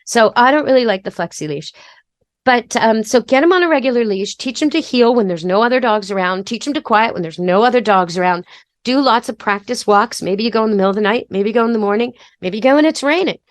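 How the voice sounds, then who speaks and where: Woman, pet expert, podcast host, chatty, practical, higher voice, dry sound. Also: expressive, quick pace, dry recording. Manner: practical, chatty, gives step-by-step advice. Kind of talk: casual instructional talk.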